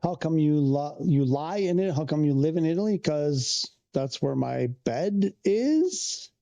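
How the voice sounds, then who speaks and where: A man's voice: on the high side, expressive, measured pace, gravelly, warm tone, dull audio. A man from Canada, chatting casually on a livestream, rambling and restarting as he answers viewers' questions. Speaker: streamer.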